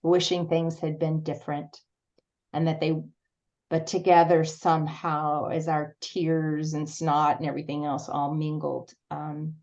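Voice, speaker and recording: A woman speaking to a support group as guest, telling a personal story in an earnest, halting way with many restarts. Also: deep voice, a little mellow, lo-fi sound.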